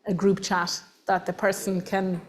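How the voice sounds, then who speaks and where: An Irish woman presents a workshop in a meeting room, her voice sitting at an ordinary middle pitch. She talks emphatically and animatedly, pressing her points and slipping into quick acted-out voices of other people. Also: flat delivery. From Ireland. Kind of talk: lively workshop talk to an audience.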